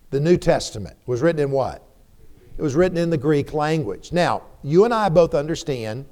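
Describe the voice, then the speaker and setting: A man's voice: a little high, warm tone. A middle-aged man preaching a sermon, emphatic, repeating words for stress and putting questions to the congregation.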